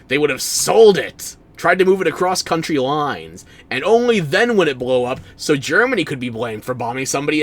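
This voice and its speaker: A man's voice: on the high side, a bit bright. A man streaming a game, giving casual commentary in a wry, sarcastic way and bantering with chat.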